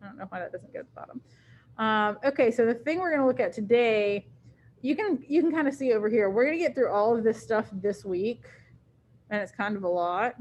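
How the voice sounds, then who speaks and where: A woman's voice: on the high side, fairly quick, a little mellow, muffled recording, slight background noise. A woman teacher with a Southern US accent giving casual classroom instructions, full of "um"s and plain talk. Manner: casual, filler-heavy, plain-spoken.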